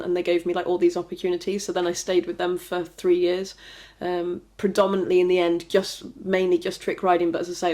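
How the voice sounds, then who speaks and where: A woman's voice: fairly low pitch, a little mellow. A woman guest telling her story in a casual interview, chatty and rambling, with many fillers and restarts. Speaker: trick rider, podcast guest.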